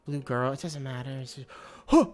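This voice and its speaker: A woman streaming a game live, chatting to her viewers and breaking into excited squeals and laughter. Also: a bass voice, fairly quick, faint music behind. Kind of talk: live gameplay stream chat.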